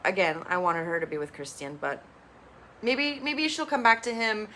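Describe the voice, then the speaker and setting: A woman recapping a reality show in a casual, blunt and expressive way, swearing freely. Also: mid-range voice, normal speed. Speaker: TV reviewer.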